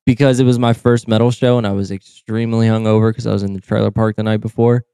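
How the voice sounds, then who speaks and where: A man co-hosting a casual podcast, laid-back, swearing often and quick to laugh. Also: fairly low pitch, flat delivery, mellow, clear, resonant tone, dry recording, studio quality. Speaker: podcast co-host. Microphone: podcast mic.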